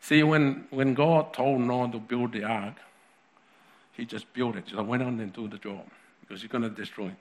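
A man's voice: medium pitch, steady tone, moderate pace. A man preaching a sermon in a conversational way, with frequent restarts and asides.

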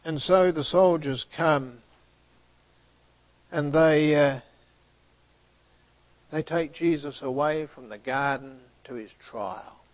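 Slow, expressive male preacher. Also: fairly high pitch. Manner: storytelling, acting out dialogue with rising emphasis. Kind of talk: sermon.

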